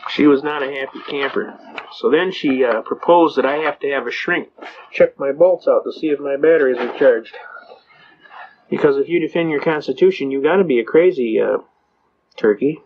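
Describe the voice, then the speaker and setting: A man's voice: medium pitch, moderate pace, slight background noise. An older man speaking to an audience, folksy and storytelling, acting out the voices of people he quotes. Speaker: speaker on constitutional law. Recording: slightly dull lo-fi recording.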